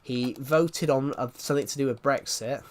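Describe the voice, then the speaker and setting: A man from southwest England with a mid-range voice and a moderate pace streams live, chatting loosely and wandering off on tangents as he answers viewers' questions in his Southwest English accent.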